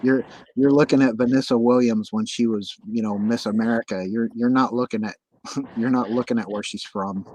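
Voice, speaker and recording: Halting man in casual chat. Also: medium pitch, fairly even intonation, darkish tone, rough recording. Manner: halting, many false starts and repeats. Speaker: host. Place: livestream call.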